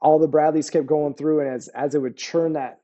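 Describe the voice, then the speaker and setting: A man's voice: fairly high pitch, steady tone, moderate pace, dark tone, muffled recording. A middle-aged American man, an army veteran, telling war stories in a casual interview, laid-back and slangy, often saying "bro" and "you know what I mean.". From United States.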